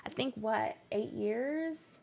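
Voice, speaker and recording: A woman's voice: on the high side, slow, gravelly, a little mellow. Chatty woman with a Canadian-Southern accent. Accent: mixed Canadian and Southern US. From near Canada. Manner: chatty, reads chat aloud, frequent likes and laughs. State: recovering from illness. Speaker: streamer. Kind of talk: casual chat while gaming. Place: home.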